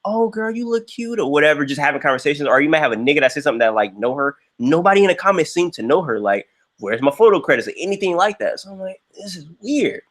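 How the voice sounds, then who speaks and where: Animated young man telling a story. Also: racing. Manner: animated, jumps into high quoted voices. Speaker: livestream host. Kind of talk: casual storytelling.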